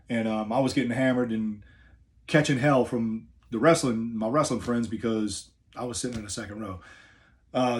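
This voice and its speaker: A middle-aged man from the New Orleans area with a New Orleans accent, a wrestler telling a story in a laid-back, rambling way with many fillers. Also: medium pitch. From New Orleans area, USA. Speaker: professional wrestler. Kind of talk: casual storytelling.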